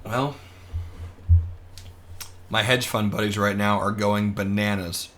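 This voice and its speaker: A man's voice: lowish voice, steady tone, slow pace, a bit bright, a little hiss or hum. A young man giving casual, joking live commentary on the market as he trades, reading viewer comments aloud and chatting back. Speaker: day trader streaming live.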